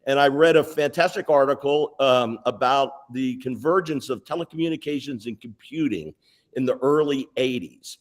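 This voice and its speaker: A man in his sixties, a sales executive guest, telling lively anecdotes in an interview. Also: mid-range voice, moderate pace. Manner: animated, anecdotal, lists details. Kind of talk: storytelling interview answers.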